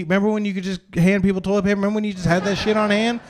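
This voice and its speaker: A man's voice: high voice, fairly even intonation, rapid-fire, a little mellow. A young man doing live stand-up comedy at a brewery show, telling rambling self-deprecating stories with lots of "uh" and restarts.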